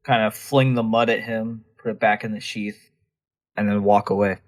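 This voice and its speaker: A man playing his character in a tabletop game, speaking gruff and firm. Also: fairly low pitch, fairly even intonation, moderate pace. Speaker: player.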